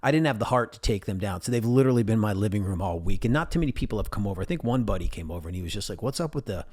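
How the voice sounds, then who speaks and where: A middle-aged man from New England talks through a solo podcast in a loose, rambling way. His voice sits somewhat low, and he drifts into jokes and asides. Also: expressive, racing, darkish tone. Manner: rambling, jokey, talks to his stuffed animals. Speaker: podcast host. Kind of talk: casual solo podcast monologue.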